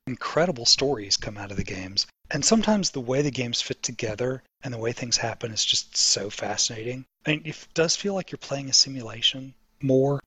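Bright raspy-ish guy on a podcast, eager, goes on explaining stuff. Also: mid-range voice, animated, a little fast, few pauses. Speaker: podcast co-host. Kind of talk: casual chat.

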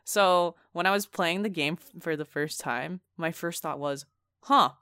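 A woman co-hosting a casual video game chat, talking quickly with lots of fillers and dry sarcasm. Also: on the low side, fairly bright tone, clean tone, dry recording. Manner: chatty, filler-heavy, sarcastic. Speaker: video game podcast co-host.

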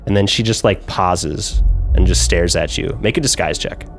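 A man narrating as game master of a tabletop game, describing scenes in a slow, descriptive way. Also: low-pitched, vocal fry, soft background music. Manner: slow, descriptive, with small restarts.

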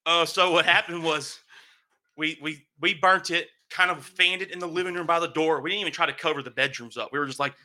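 A young man casually telling a long, animated story, swearing and acting out what people said. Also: fairly high pitch, a little fast. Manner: animated, swearing, acts out quotes.

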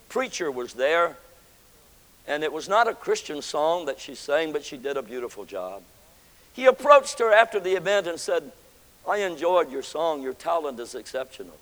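A man preaching a sermon as pastor, swinging between loud, ringing lines and hushed ones. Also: on the high side. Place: church sanctuary. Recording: long hall reverb with faint music.

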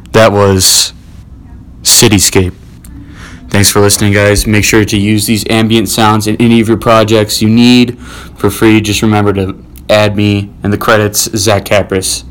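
A man's voice: on the low side, level tone, a little slow. A man hosting a casual homemade podcast at home, talking hesitantly with lots of ums. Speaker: podcast host.

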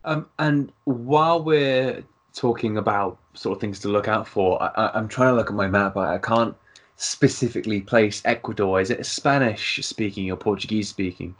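A man's voice: lowish voice, moderate pace. A man hosting a casual podcast chat, stammering and restarting often as he talks.

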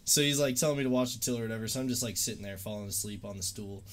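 A man's voice: fairly low pitch, rapid-fire, slight background noise. Laid-back young guy telling stories. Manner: laid-back, swearing, laughing storyteller. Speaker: livestream host. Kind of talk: casual chat.

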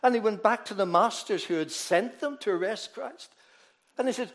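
A man preaching a sermon, emphatic, moving between loud declarations and low, quiet asides, often repeating words as he goes. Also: moderate pace.

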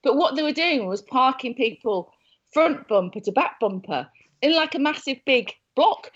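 A woman's voice: sits high, lively intonation, moderate pace, husky. A woman, co-presenting and teasing her colleagues in a casual chat. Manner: teasing, chatty. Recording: muffled lo-fi recording.

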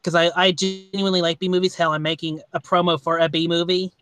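A man hosting a podcast, talking casually about a movie in a rambling, halting way with many restarts. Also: fairly high pitch, level tone, a bit bright, clear, resonant tone, dry recording. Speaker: podcast host. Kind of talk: casual movie review chat.

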